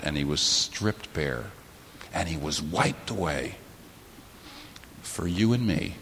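A faint hiss and the echo of a large hall surround this sermon in a church sanctuary. The pastor speaks with impassioned force, dropping into slow, low, weighty pauses before abruptly surging high and loud.

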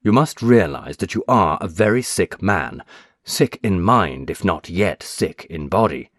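A man reading aloud voices a stern, brisk male doctor who speaks firmly and insistently. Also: sits low, animated, no echo, studio quality. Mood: stern, probing.

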